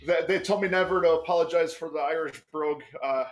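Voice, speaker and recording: A man chatting casually as a guest, rambling through a story with plenty of "uh"s and offhand swearing. His voice sits a little higher than most men's. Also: fast. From United States.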